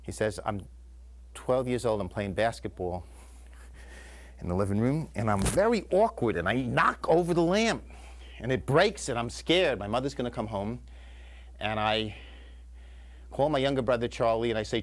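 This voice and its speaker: Brief: male storyteller, live studio telling, lively pitch, acts out voices, shouts to whispers. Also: moderate pace, pauses often. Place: community TV studio.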